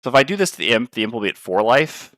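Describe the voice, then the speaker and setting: A man's voice: medium pitch, big pitch swings, very fast, a bit bright, no room sound, clean studio sound. A man playing a tabletop board game on stream, thinking aloud and weighing his moves. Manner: muttering, weighing options aloud.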